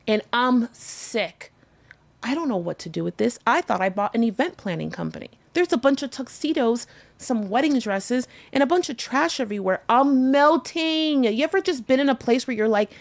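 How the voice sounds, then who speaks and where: A woman with a fairly high voice hosts a live show and tells a personal story in a frank, emotional way. She talks directly to her viewers and swears casually as she goes. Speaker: host.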